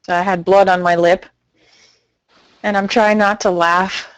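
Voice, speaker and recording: A woman's voice: mid-range voice, level tone, unhurried. Young canadian woman cohosting a stream, chatty, tells stories with lots of energy. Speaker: guest cohost. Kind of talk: casual livestream chat.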